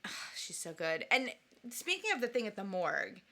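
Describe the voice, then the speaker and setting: A woman co-hosting a podcast in casual chat, animated and jokey, often acting out quotes from the film. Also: medium pitch, normal speed. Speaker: podcast co-host.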